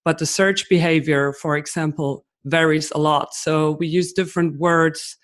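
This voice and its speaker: A woman's voice: low-pitched, steady tone, normal speed. This is a woman, giving podcast interview answers as a guest expert. She talks through her ideas with concrete examples and drops in fillers like "um" as she goes. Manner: explains with examples, frequent fillers.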